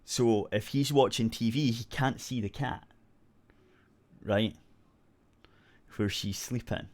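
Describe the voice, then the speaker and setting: A man's voice: medium pitch, slow pace, darkish tone. A Scottish man hosting a radio show, rambling through a story in casual chat and swearing freely.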